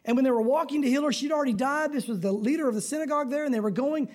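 A man preaching a conversational sermon, acting out prayers and voices with sudden shouts. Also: very high voice, very fast. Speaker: pastor.

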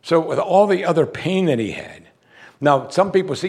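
A man's voice: on the high side, animated, normal speed, gravelly, darkish tone. A man preaching a sermon who reads scripture aloud and presses his listeners with emphatic rhetorical questions.

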